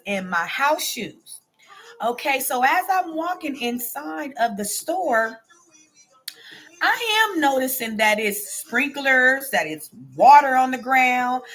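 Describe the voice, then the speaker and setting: Her voice sits a little high and comes out pushed and bright. She's a forties-aged host of a laid-back show, narrating a story for viewers and replying aloud to their comments, frequently tossing in "okay?" and "baby."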